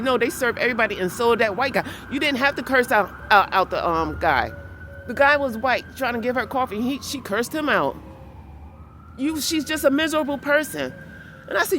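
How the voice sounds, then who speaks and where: A woman vlogging and telling a story in a blunt, animated way that turns heated. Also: a little high, a little fast. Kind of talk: casual storytelling vlog. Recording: clear outdoor street noise behind.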